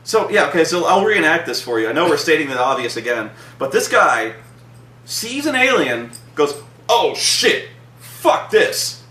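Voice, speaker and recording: A man's voice: on the high side, big pitch swings, normal speed, pushed and bright, roomy sound, recorded from a distance. A man in a casual comedic movie review, talking with lots of profanity and acting out scenes in mock voices.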